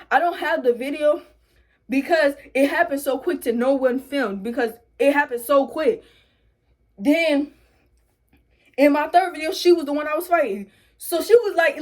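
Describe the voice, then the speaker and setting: A young woman, casually telling a storytime and animatedly acting out quotes. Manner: animated, acts out quotes in a high voice. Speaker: vlogger.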